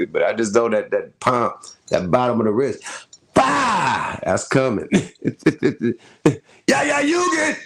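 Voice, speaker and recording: Middle-aged male host, slow gravelly delivery, loose laughing slang riffs. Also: lowish voice. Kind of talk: casual commentary.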